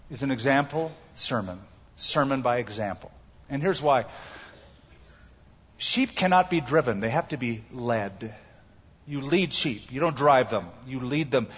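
A male pastor preaching a sermon to his congregation, hammering home his points by repeating them. His voice sits a little high and sounds husky. The recording is dull and carries the long echo of a church hall. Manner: emphatic, repeats key phrases. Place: church sanctuary.

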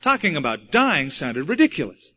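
Male preacher, fairly high voice, dramatic storytelling sermon, dull lo-fi recording. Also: huge pitch swings, normal speed, bright, forceful tone, slightly rough. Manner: dramatic, acts out quotes with shifting pitch and volume.

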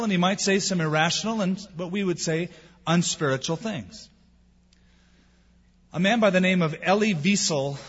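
A man's voice: fairly high pitch, a bit bright, husky. A man preaching a sermon as pastor, asking rhetorical questions and acting out the people he quotes. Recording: dull sound with long hall reverb.

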